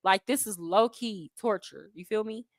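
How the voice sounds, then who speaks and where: In clean studio sound with no echo, a woman speaks at a mid-range pitch and a normal speed. She's an American expat in Colombia hosting a casual travel livestream, where she answers viewer comments, chats animatedly, laughs often, and uses slang.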